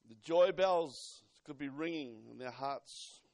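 A man preaching a fervent sermon to a congregation, swinging between loud exhortation and hushed asides. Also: mid-range voice, slow pace, creaky.

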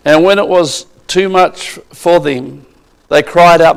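A man's voice: on the high side, takes it slowly, vocal fry, smooth. A man preaching a sermon with emphasis, asking the congregation questions.

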